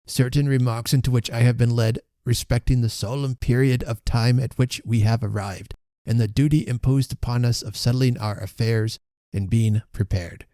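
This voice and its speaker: A man voicing a pompous, self-important gentleman who speaks slowly and oracularly, in a storybook reading. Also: lowish voice, dry recording, studio quality, natural voice. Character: pompous rich older gentleman.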